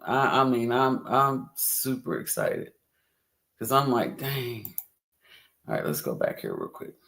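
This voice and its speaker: A man hosts a casual livestream into a computer mic. His voice is gravelly with a lot of fry and sits at a middle pitch. He talks in an upbeat, rambling way, laughs often and repeats phrases. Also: wildly swooping pitch, measured pace, fairly bright tone. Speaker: livestream host.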